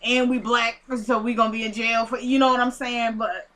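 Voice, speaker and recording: A woman casually recapping a TV episode, retelling scenes in an animated, indignant way. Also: fairly high pitch, normal speed, a little hiss or hum. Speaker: TV show recapper.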